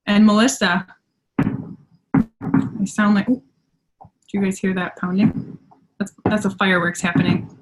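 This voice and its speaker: A woman's voice: mid-range voice, flat delivery, unhurried, long pauses, background noise. A woman with an Upper Michigan accent hosting a live team training call over video from her home, chatty and upbeat and often laughing at herself. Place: at home by a window. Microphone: computer on a video call.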